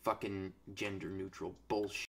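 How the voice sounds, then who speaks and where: A young man commenting on a strategy game in a crude, sarcastic way, swearing constantly and swinging from low mutters to loud outbursts at his units. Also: level tone, normal speed, creaky. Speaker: gameplay commentator. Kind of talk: crude, ranting gameplay commentary.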